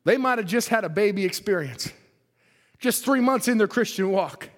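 A man preaching a sermon, retelling a Bible story in an animated, dramatic way. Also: sits high, normal speed. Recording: echoey hall reverb.

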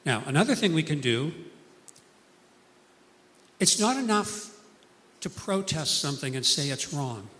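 A man's voice: fairly high pitch, big pitch swings, measured pace, pauses often, a bit bright, long reverb tail. A man preaching a sermon, telling stories earnestly and acting out the people he quotes.

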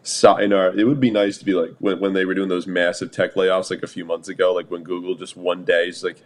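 A man co-hosting a podcast, chatting casually and telling animated stories, with slangy, swearing delivery. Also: low-pitched, a little fast, hardly any pauses. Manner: animated storytelling, swears, says "dude". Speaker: podcast co-host. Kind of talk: casual chat.

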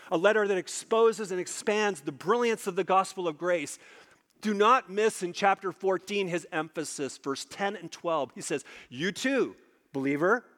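A man preaching a sermon, emphatic, repeating phrases for stress and slowing low on key points. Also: a bit bright, in a large hall.

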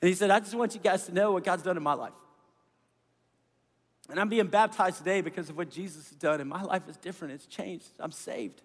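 Middle-aged male pastor, earnest storyteller, fairly high voice, long hall reverb. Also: a little fast. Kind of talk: sermon.

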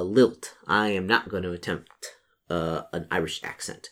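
A man's voice: on the low side, lively intonation, normal speed. A man reading aloud from a solo horror gamebook, breaking off for casual, joking asides. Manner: casual asides, chuckles at own slips. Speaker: solo gamebook player and narrator.

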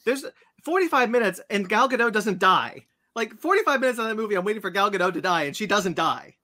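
A man on a podcast telling a long, animated story about a movie he saw and acting out its scenes. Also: sits high, fast. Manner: animated storyteller, acts out scenes in silly voices. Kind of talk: casual chat, movie rant.

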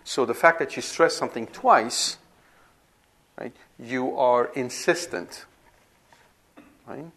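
A man giving a classroom lecture on scripture, at a middle pitch. He explains step by step and stops now and then to make sure the students follow. His delivery is unscripted and conversational, with small restarts. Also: takes it slowly, long pauses, a bit bright. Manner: explanatory, repeats himself with frequent "right?" checks and restarts. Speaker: Bible teacher.

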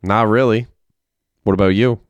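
A man's voice: fairly low pitch, steady tone, moderate pace, smooth, no echo, highs cut off, lightly acted. A man reading aloud and voicing an awkward young man who talks in a dry, joking way.

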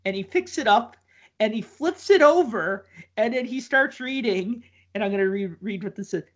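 A man's voice: high voice, animated, normal speed, a bit bright. Rambling man telling a story. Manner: rambling, filler-heavy with many likes and ums. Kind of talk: casual storytelling chat.

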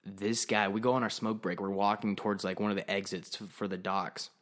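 A man's voice: lowish voice, brisk. A man hosting a podcast, telling a long story in casual chat, heavy on swearing, acting out what others said. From Arizona. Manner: animated, profane storyteller who acts out quotes. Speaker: podcast host.

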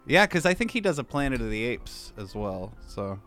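A man reading trivia questions on a podcast in a relaxed, dry way. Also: medium pitch, normal speed, faint music behind.

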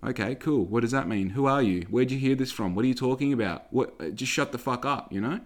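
A man's voice: mid-range voice, fast. Aussie guy ranting on his podcast, swears a lot, keeps asking who the hell you are. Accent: Australian. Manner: profane, ranting, rhetorical questions. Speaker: podcast host. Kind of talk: comedic rant podcast.

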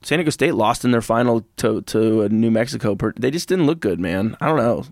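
A man co-hosts a sports podcast in a loose, rambling way, drifting off into old stats as he talks. His voice sits at an ordinary middle pitch, and it is recorded close and dry with no room sound. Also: expressive, fairly quick, creaky, darkish tone, no echo. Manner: rambling, digressive, breaks into goofy impressions. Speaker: podcast co-host. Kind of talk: casual sports chat.

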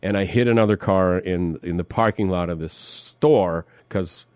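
A man's voice: deep voice, normal speed, a little mellow, no echo. A man from Minnesota co-hosting a radio morning show, telling a story in easygoing, wry on-air banter. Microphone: studio microphone.

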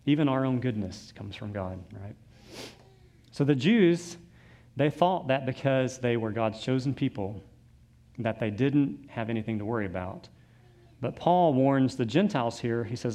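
A man's voice: mid-range voice, normal speed, dark tone. A man preaching a sermon, reading scripture aloud and adding loose conversational asides. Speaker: pastor.

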